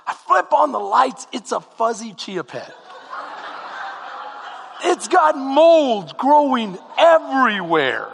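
A man preaching a sermon as comic storytelling, animated and now and then breaking into shouts. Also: very high voice, takes it slowly, gravelly, long reverb tail, a little hiss or hum. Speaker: pastor.

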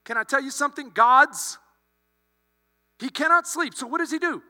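A male pastor telling a story in a sermon, animated, acting out the characters' lines. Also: very high-pitched, fast talker. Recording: long hall reverb with mains hum.

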